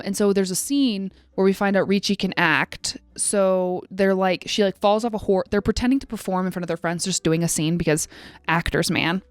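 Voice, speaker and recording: A woman co-hosting a podcast in casual chat, retelling a movie plot with lively quoted asides. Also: on the low side, clear, resonant tone, no room sound. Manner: animated storytelling with quoted asides. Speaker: podcast co-host.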